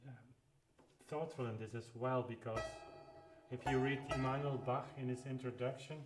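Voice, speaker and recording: Male keyboard teacher, mid-pitched, thinking aloud in a reverberant room over loud instrument playing. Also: moderate pace, music in the background. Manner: calm, explains fingering step by step while playing. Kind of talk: live practice lesson, thinking aloud. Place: room with a clavichord. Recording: roomy sound with clavichord playing.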